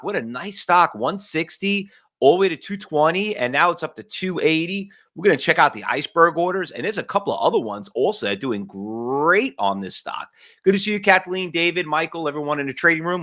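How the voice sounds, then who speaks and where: A man with a New York accent hosting a live day-trading morning stream, chatty and excitable, his voice leaping up when he gets fired up. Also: on the high side, brisk. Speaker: day trading show host. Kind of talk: live-streamed market commentary.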